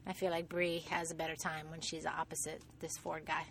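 A woman's voice: low-pitched, completely flat delivery, fairly quick, a bit bright, slight background noise. A Puerto Rican woman co-hosting a casual podcast from a parked car, chatty and emphatic. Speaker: podcast co-host. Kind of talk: casual chat about soap operas.

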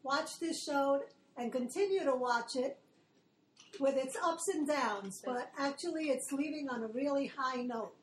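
A woman's voice: high-pitched, unhurried, roomy sound, slight background noise. Chatty woman fan in her 60s. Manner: warm, chatty, slightly off-mic. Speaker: guest, longtime fan. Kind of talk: casual chat. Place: home, family gathering.

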